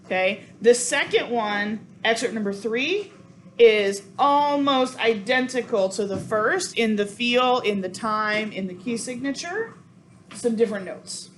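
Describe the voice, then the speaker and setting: A woman's voice: a little high, lively intonation, unhurried. A woman teaching a cello sectional, counting beats aloud and apologizing often. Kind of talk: coaching a sectional. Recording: noisy room sound.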